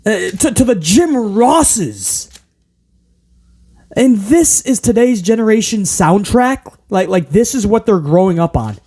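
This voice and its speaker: A man hosting a casual wrestling review, ranting in an animated, exasperated way. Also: high-pitched, slow. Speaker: podcast host.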